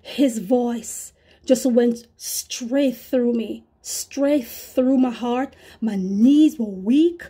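A woman's voice: on the high side, extremely slow, mellow, slightly rough. A woman preaching an earnest testimony sermon, repeating herself and calling out to her brothers and sisters.

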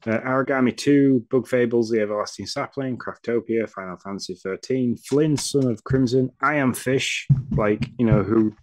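A man co-hosting a casual gaming podcast, easygoing and quick to chuckle as he reads through lists. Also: medium pitch, darkish tone, no room sound. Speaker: podcast co-host. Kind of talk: casual chat.

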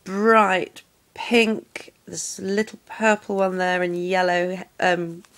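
A woman, gushing warmly and casually as she unboxes nail art supplies for her vlog. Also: fairly low pitch, little pitch movement, slow pace. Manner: gushing, effusive.

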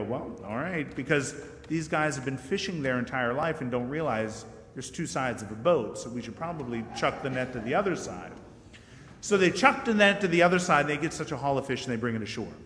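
A man's voice: on the high side, a bit bright. Joking, chatty man preaching in an echoey church. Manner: conversational, jokey, asks the congregation questions. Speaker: guest preacher. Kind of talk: sermon. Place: church sanctuary.

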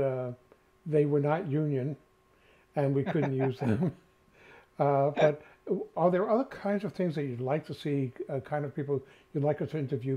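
An older man with a New York accent talks in a rambling way, full of "uh"s. His voice sits a little high, and the recording sounds dull and lo-fi. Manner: rambling, many filler sounds. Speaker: co-host. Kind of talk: casual chat.

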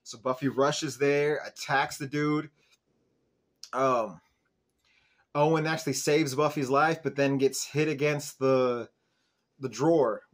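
A man of middle pitch talks through a TV episode in a loose, chatty recap. He fills his sentences with "like" and "um" and keeps the retelling lively and conversational, never scripted. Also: takes it slowly, pauses often. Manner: chatty, peppered with "like" and "um", animated retelling. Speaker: show host reviewing an episode.

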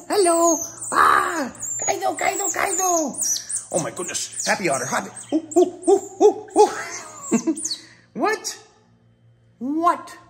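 A young man hosting a wildlife vlog, narrating casually as he works with animals and cooing to them in baby talk. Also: medium pitch. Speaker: wildlife keeper and vlog host.

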